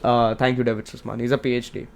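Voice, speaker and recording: A man's voice: mid-range voice, level tone, fast talker, gravelly. A man in his twenties with an Indian accent, hosting his podcast in a hyped, rambling, joking way. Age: 20s. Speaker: podcast host. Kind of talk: casual solo podcast chat.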